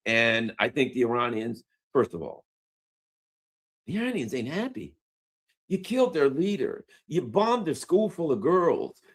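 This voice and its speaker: A man giving casual, jokey news commentary in an animated, slangy way. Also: mid-range voice, a little slow, husky.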